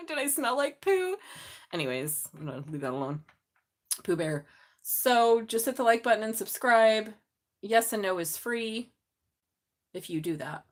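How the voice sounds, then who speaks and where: A middle-aged Southern woman hosts a live tarot reading, chatting and joking with viewers, laughing often and talking to the chat. Her slightly mumbly voice is a little high, with big pitch swings, a measured pace and frequent pauses.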